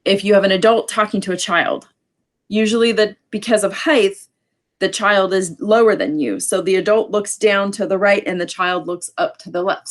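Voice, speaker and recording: A woman teaching a sign language class, explaining in a casual way with many ums and quick asides. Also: mid-range voice, a bit bright. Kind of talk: casual online class lecture.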